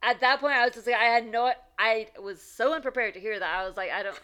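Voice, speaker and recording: Bright, clear young woman telling a story. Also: a little high, quick pace. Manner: animated, laughing, acts out quotes. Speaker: podcast co-host. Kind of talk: casual storytelling chat.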